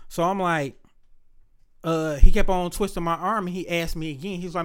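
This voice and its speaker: Guy telling a story on a casual chat show, kinda high voice, swears a lot, blunt, acts out the quotes. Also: moderate pace, pauses often. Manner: profane, blunt, animated retelling.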